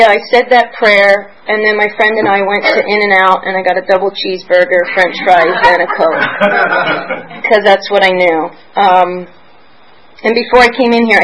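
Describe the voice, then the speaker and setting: A woman in her forties from Pennsylvania sharing her personal story at a recovery meeting, rambling and candid, emotional at times, with soft laughs. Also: mid-range voice, fairly even intonation, normal speed, low-quality recording. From Pennsylvania, United States. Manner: emotional and searching.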